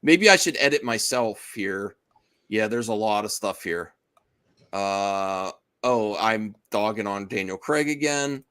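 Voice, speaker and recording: A man's voice: on the low side, lively intonation, slow, fairly bright tone, clean tone. A man hosting a podcast in casual chat, rambling and restarting his sentences and laughing often. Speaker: podcast host.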